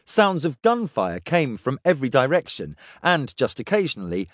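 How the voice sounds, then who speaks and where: A man narrating an audiobook with a lively, swinging delivery. His voice sits mid-range, and the sound is dry and close. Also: mid-range voice, normal speed, no room sound. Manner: expressive, voices characters.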